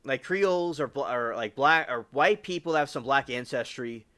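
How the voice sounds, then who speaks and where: A man's voice: mid-range voice, moderate pace, fairly bright tone. A man from the US South hosting a livestream, rambling casually with lots of fillers and restarts. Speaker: livestream host.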